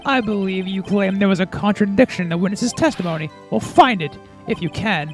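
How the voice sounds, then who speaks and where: A streamer voicing a cold, arrogant older male prosecutor in a game, speaking in a low, cutting way. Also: faint music behind, close to an everyday voice. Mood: haughty. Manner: haughty, slow, cutting. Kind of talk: reading game dialogue aloud.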